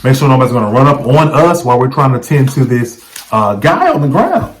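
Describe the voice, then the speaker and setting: A man's voice: mid-range voice, sing-song, brisk, low-quality recording. A man vlogging, recounting a story in a casual, conversational way and often checking in with the viewer. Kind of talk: casual first-person storytelling.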